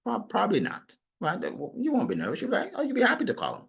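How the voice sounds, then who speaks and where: A middle-aged man coaching on sales, talking in an animated way and acting out his prospects. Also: high-pitched, fast talker, vocal fry, husky. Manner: animated, acts out clients and prospects in quoted voices. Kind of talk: motivational sales talk.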